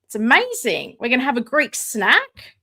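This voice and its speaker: A woman hosting a live stream from home, chatting casually, excitable and sarcastic, sometimes shouting. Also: fairly high pitch, moderate pace. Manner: excitable, sarcastic, loud at times. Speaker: livestream host. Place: home room with ring light. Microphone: no mic close by, computer setup.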